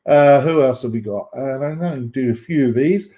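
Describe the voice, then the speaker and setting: A man's voice: mid-range voice, normal speed, warm tone. A man hosting a live stream in a casual, rambling way, full of fillers and restarts, joking and greeting viewers by name. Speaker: livestream host.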